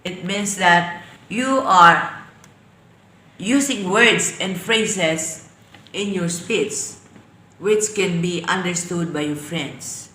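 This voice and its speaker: A woman with a Filipino accent teaching an online English class, defining terms slowly and then explaining them. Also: on the low side, bright, forceful tone, reverberant, a little hiss or hum. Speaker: lecturer.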